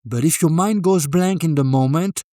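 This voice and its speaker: A man narrating a scripted language lesson as teacher, calm and deliberate, modelling phrases slowly. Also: fairly high pitch, no echo, clean studio sound.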